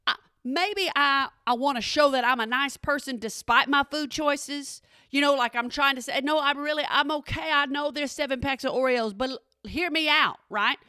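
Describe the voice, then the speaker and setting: A woman radio host telling a comedic story from her studio, animated and talking straight to her listeners. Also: high voice, no room sound. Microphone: studio microphone.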